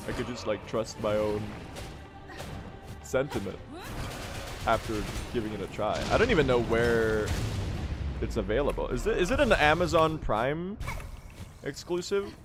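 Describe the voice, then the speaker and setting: A man's voice: mid-range voice, animated, a little slow, long pauses, over music. A young man streaming a game speedrun, chatting casually in a rambling, self-deprecating way and laughing often.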